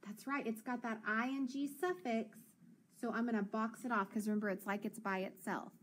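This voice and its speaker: Patient female teacher, higher voice, coaching kids through reading. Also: steady tone, a little hiss or hum. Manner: encouraging, sounds words out slowly. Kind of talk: phonics lesson for children.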